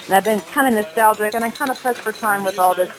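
A woman's voice: medium pitch, fast, poor audio. A woman hosting a recurring cooking segment, chatting in an upbeat, casual way.

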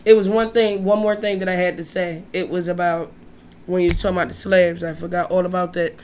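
A woman's voice: on the low side, a little fast, slight background noise. A woman in casual chat, blunt and profane, telling stories with lots of energy. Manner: blunt, profane, animated storyteller. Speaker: co-host.

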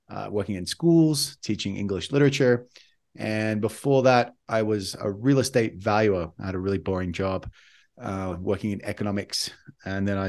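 Australian man, forties, podcast co-host; low voice, loose and reflective, lots of restarts. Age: 40s. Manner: rambling, reflective, with frequent restarts. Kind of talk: casual conversation.

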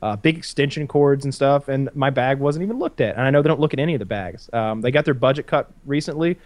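A man's voice: mid-range voice, lively intonation, fast talker, a little mellow, no echo. A man in casual conversation, talking in a rambling way with lots of restarts and blunt opinions. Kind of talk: casual chat.

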